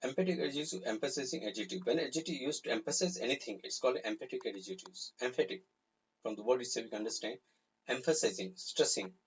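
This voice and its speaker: Husky-voiced man teaching grammar. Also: medium pitch. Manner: explains slowly with repeated examples. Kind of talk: live online grammar lesson. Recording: slightly dull, lo-fi recording.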